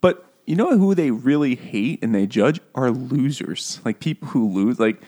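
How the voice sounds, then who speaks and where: A man's voice: mid-range voice, lively intonation, moderate pace, dark tone. A man in casual podcast chat, laughing often, swearing and mimicking characters in goofy voices. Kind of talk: casual chat about a book and film.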